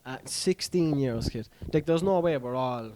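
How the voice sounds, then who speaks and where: Young irish man, podcast co-host, laid-back, emphatic, slangy, mid pitch. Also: unhurried, darkish tone. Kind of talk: casual chat.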